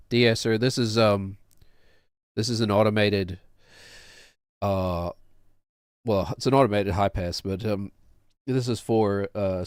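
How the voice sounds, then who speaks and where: A man's voice: fairly low pitch, clean tone, dry recording, clean studio sound. A man in his late thirties, a streamer explaining his own music production in a casual, rambling, self-deprecating way and laughing often. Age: late 30s.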